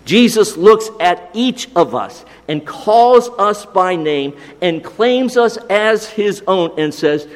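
A man preaches slowly and deliberately, with a rather high voice that rises and falls widely. He lets key phrases sink to a near whisper. His words ring out with a long reverb, as in a church sanctuary. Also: expressive. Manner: slow, deliberate, drops to a hush on key phrases. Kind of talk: sermon.

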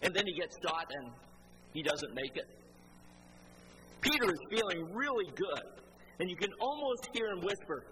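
Male preacher, slightly high voice, storytelling sermon delivery, noisy ambience. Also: normal speed, pauses often. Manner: animated, acts out quoted dialogue.

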